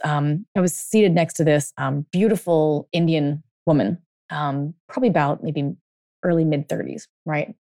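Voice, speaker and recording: Blunt, chatty woman coach, low voice. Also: darkish tone, dry recording, clean studio sound. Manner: chatty, many fillers, grows blunt and emphatic, swears. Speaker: dating and life coach. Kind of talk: casual storytelling monologue.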